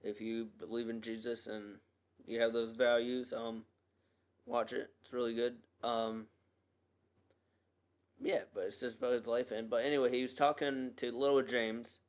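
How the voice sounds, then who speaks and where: Smooth-voiced man rambling on a podcast. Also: medium pitch, little pitch movement, measured pace. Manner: rambling, loose and earnest, with many fillers and restarts. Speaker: podcast host. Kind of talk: casual solo podcast monologue.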